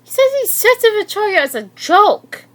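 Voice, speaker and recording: Eine Frau als gekränkte, wütende Schülerin. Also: female voice, very high-pitched, very animated, normal speed, pitched above the performer's own voice. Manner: shaken, bitter. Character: hurt, angry teenage girl student.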